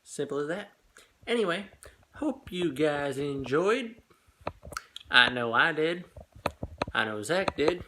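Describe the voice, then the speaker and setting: A man's voice: fairly high pitch, sing-song. A young man chatting casually as a vlogger, signing off to his viewers. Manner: slow, chatty, drops to a whisper while hiding. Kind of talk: casual vlog chat. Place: inside a store. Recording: loud background noise.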